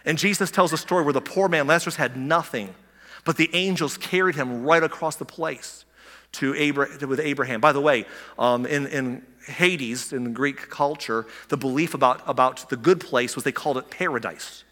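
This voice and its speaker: A man preaching a sermon in a church, eager and excitable, often restarting his words and asking the listeners rhetorical questions. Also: mid-range voice, moderate pace. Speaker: pastor. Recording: long hall reverb.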